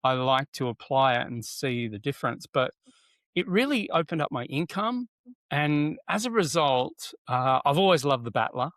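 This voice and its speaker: A middle-aged man, a guest telling stories in a casual interview, animated, with many fillers and restarts, acting out what people said. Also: medium pitch, normal speed, no echo. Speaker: guest, NLP trainer.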